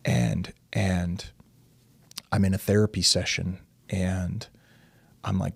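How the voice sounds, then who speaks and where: A man's voice: low voice, flat delivery, slow, gravelly, long pauses, husky, no echo. A man from the United States, a podcast guest, telling a candid personal story at length and acting out the dialogue. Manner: long-winded, acts out quoted dialogue, says dude and like.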